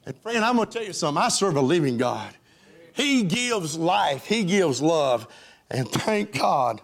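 A middle-aged man preaching a sermon, fervent, rising to loud highs and falling to soft lows. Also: very animated, a little slow, vocal fry. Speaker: pastor.

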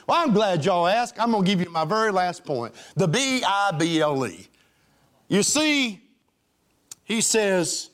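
A middle-aged man preaching a sermon, fervent, rising to loud highs and falling to soft lows. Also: lively intonation, a little slow. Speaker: pastor.

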